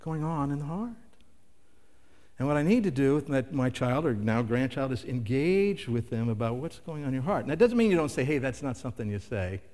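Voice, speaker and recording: A man's voice: mid-range voice, animated, fairly quick, warm tone. An older man preaching a sermon in a conversational way, asking the listeners rhetorical questions. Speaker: pastor. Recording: long hall reverb.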